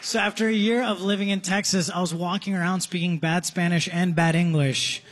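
A young man with an Indian accent doing a stand-up comedy set on a theater stage, chatty and quick. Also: sits high, fairly even intonation, a little hiss or hum. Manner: chatty and quick, punchlines with laughs. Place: theater stage before a live audience.

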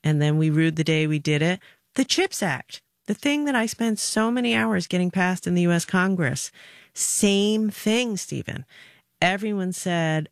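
A middle-aged woman answering interview questions in an emphatic, direct way, telling stories with lively energy. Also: on the low side, a little slow, no room sound, studio quality. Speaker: former government official, guest.

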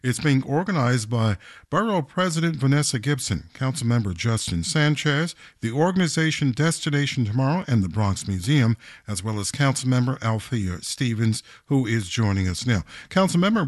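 A man's voice: mid-range voice, animated, normal speed, no echo. Male morning radio host, polished live interviewing, mid-range voice, dry booth. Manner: polished announcer phrasing.

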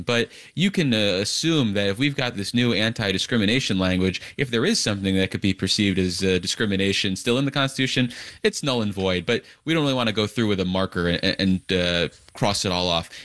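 A man hosting a public radio interview, setting up long questions in a measured way with some fillers. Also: lowish voice, fairly bright tone, dry recording. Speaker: radio host.

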